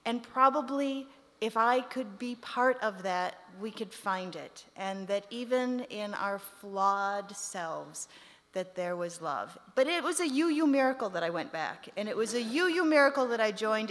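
A woman's voice: medium pitch, animated, moderate pace, fairly bright tone. A middle-aged woman, a seminarian, telling a humorous personal story in a church service and laughing often. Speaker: seminarian sharing her story. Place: church sanctuary. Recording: echoey hall with faint noise.

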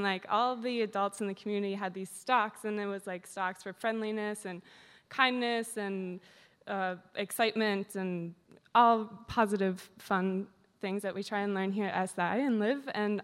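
A woman's voice: mid-range voice, fairly bright tone. A young woman tells a personal story to an audience, rambling and giggling with many fillers. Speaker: storyteller at a community gathering. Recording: hall reverb.

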